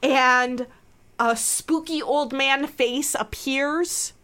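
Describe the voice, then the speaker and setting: Slow, bright woman co-host retelling scenes conversationally. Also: high-pitched. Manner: chatty, retelling scenes with voices. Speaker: podcast co-host. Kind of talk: casual chat recapping a TV episode.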